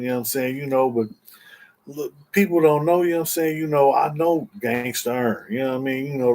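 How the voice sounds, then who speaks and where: A man's voice: mid-range voice, a little mellow. A man casually telling a story in slangy street talk, rambling with restarts and constantly checking in with the listener. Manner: slangy street talk, constantly saying "you know what I'm saying"; rambling with restarts and repeated words. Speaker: interview guest telling a story.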